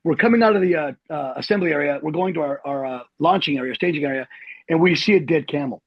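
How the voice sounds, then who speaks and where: An army veteran in his fifties tells stories quickly and with slangy energy. His voice is high for a man and a bit husky. The recording is dry, dull and lo-fi. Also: no room sound. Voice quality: animated, slangy, says "dude". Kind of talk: casual storytelling.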